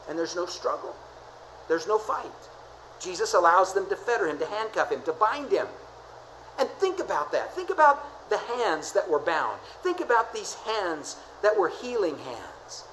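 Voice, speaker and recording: This is a pastor preaching a sermon in a church. The delivery leans on repetition and contrast, slowing to near-whispers before rising to forceful high points. A faint layer of background noise sits under the voice. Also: low-quality recording. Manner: dramatic preaching with repeated phrases, swinging from soft to emphatic.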